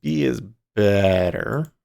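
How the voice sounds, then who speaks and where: A man with a fairly low voice hosts a livestream, talking casually. He rambles, restarts his sentences and laughs easily as he goes. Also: animated, gravelly, a little mellow. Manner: rambling, self-interrupting, quick to laugh. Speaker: livestream host.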